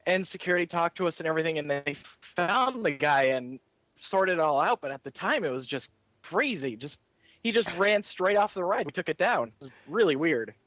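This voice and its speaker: A man's voice: fairly high pitch, expressive, a little fast, no room sound, muffled recording. A man who works as a rides operator at a theme park, telling a story in casual chat and acting out the people he quotes. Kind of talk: casual chat while gaming.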